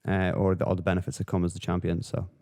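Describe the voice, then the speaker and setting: A man's voice: low-pitched, completely flat delivery, fast talker, warm tone. A man hosting a solo podcast, rambling and swearing through casual commentary with lots of fillers. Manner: profane, rambling, with frequent fillers. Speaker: podcast host.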